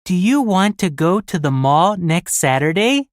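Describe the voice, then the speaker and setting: A slow, friendly boy. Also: lowish voice, very animated, dry recording, studio quality. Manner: slow, careful, clearly spoken lines. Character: friendly young boy planning a shopping trip. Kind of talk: scripted textbook listening dialogue.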